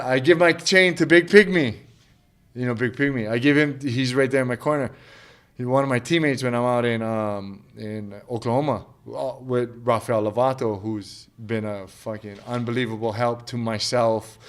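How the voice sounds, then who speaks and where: A mixed martial arts fighter in his thirties talks through his story in a loose, rambling way, full of swearing and restarts. He acts out what people said to him. His voice sits at an ordinary middle pitch. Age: 30s. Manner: profane, rambling, acts out quotes of others. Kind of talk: casual interview storytelling.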